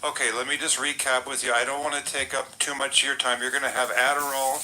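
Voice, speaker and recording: A man making a prank phone call in a deadpan, mock-official telemarketer tone. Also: medium pitch, fast talker, slight background noise. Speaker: prank caller.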